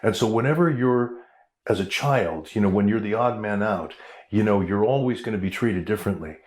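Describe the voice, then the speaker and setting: Roomy, lower-voiced American man telling stories. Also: brisk. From United States. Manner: animated storyteller with frequent fillers and restarts. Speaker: guest actor. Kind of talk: anecdotal storytelling interview. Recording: roomy echo.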